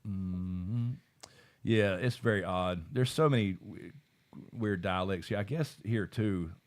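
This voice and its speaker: A man's voice: deep voice, takes it slowly. A man co-hosting a live stream, reading chat in casual talk, laid-back, swearing and laughing often.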